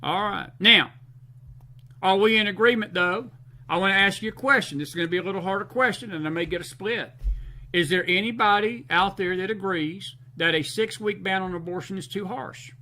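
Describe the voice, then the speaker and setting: High, bright-voiced Southern American man hosting. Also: brisk. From Southern United States. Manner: emphatic, repeats phrases for stress. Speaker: host. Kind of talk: late-night live-stream talk, reading viewer comments.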